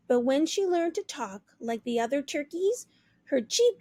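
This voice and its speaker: A woman teacher reading a children's book aloud with clear, expressive storytelling. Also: very high-pitched, a little slow, no room sound. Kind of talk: children's read-aloud narration.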